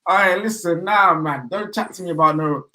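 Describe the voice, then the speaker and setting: A young man from the West Midlands of England, talking as a podcast guest in animated, slang-heavy casual banter about football. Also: high-pitched, moderate pace, rough recording.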